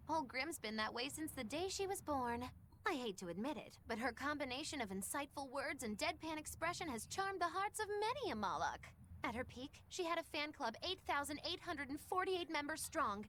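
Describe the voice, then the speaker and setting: A chirpy, teasing little spirit. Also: female voice, sits high, a bit bright, a little hiss or hum.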